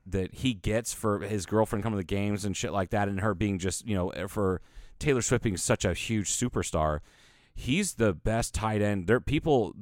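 A man's voice: lowish voice, a little mellow, no echo, studio quality. A man from Ohio co-hosting a casual podcast, rambling with stumbling restarts and lots of swearing. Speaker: podcast co-host. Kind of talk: casual chat.

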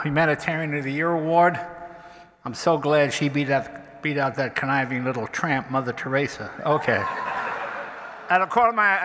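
An older man, a comedian, telling anecdotes on stage at a live event, acting out the people in his stories. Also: fairly high pitch. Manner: animated storytelling, acts out the people in his stories. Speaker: comedian, guest speaker. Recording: reverberant hall from a stage mic.

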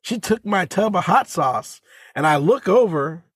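A man co-hosting a podcast, rambling and halting as he tells stories in casual chat. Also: high-pitched, animated, a bit bright, slightly rough, no echo, clean studio sound. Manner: rambling, halting, self-interrupting. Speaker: podcast co-host.

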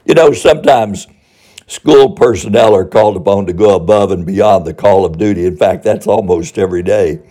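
Older male storyteller, dark husky voice, folksy ex-principal, chuckles through anecdotes. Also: on the low side, normal speed. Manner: warm anecdotal delivery, chuckling asides. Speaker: former school principal.

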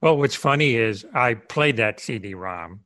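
A man's voice: medium pitch, animated, measured pace, fairly bright tone. A man interviewing, chatting as an eager fan who laughs easily. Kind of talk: casual chat.

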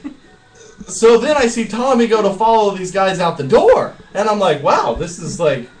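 A man's voice: sits high, normal speed, reverberant, distant mic, background noise. A man hosting a podcast from a restaurant's back room, telling a story with much laughter and cursing. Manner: laughing, excitable, profane. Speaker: podcast host. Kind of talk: animated storytelling.

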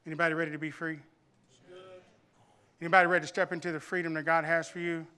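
A man delivers a sermon in a high, bright voice, pressing his congregation with repeated calls to listen. He builds from quiet coaxing to urgent exhortation, with a faint lilt. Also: little pitch movement, quick pace, clean tone. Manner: preaching with rising intensity and repetition; tells humorous family anecdotes to the congregation. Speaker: pastor.

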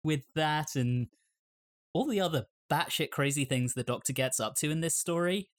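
A man's voice: a little high, normal speed. A man co-hosting a podcast in casual chat, with dry, wry humor. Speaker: podcast co-host.

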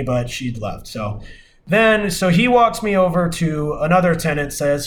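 A man's voice: on the high side, quick pace, slight background noise. Rambling young man telling a story. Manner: rambling, many fillers and restarts, exasperated retelling. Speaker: podcast host. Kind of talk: casual storytelling.

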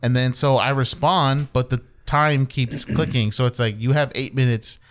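A man's voice: mid-range voice, moderate pace. A young man telling a profane story in casual chat, acting out the quoted lines. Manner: animated, swears a lot, acts out quotes.

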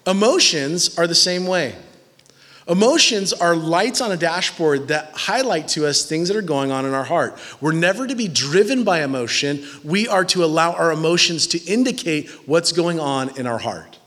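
A pastor in his twenties preaches a sermon in a church hall, his voice on the high side, fairly bright and expressive at a normal speed. He keeps it conversational and jokey, and the long reverb of the large hall carries through the recording.

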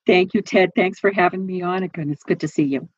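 Brisk woman activist recounting a timeline. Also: on the low side, slightly rough, dry recording. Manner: brisk, laughs while telling a timeline. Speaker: activist guest. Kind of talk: casual interview. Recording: muffled, lo-fi dry audio.

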